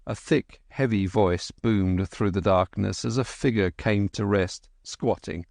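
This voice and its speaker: A man reading a classic adventure novel aloud as an audiobook narrator, in a measured, even storytelling manner. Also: lowish voice, creaky, no room sound. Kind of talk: scripted narration.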